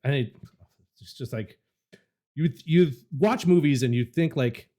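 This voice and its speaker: A man's voice: fairly high pitch, unhurried, dark tone. A young adult man on a podcast, telling a story in a casual way and swearing freely. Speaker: podcast co-host.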